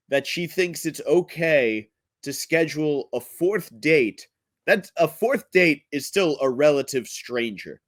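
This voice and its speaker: A man hosting his own comedy show, delivering a profane rant in a blunt, crude, halting way. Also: a little high, dry recording. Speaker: podcast host and comedian.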